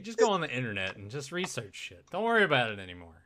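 Male co-host with a bright, forceful voice, sarcastic jabs on a video call. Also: mid-range voice, wildly swooping pitch, fast, a little hiss or hum. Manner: sarcastic, mock-indignant. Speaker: podcast co-host. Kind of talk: casual chat.

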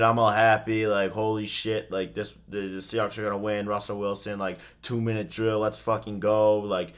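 Man, low-pitched voice, casual sports talk, profane ranting, excitable then deflated. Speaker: host watching and commenting on a football game.

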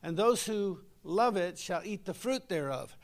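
A man's voice: high voice, animated, unhurried. A middle-aged man, preaching a folksy, conversational sermon and talking with his congregation.

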